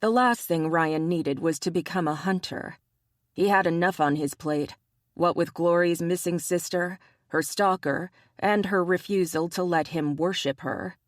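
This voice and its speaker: An audiobook narrator reading a romance in a steady, measured scripted narration. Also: medium pitch, no room sound, studio quality.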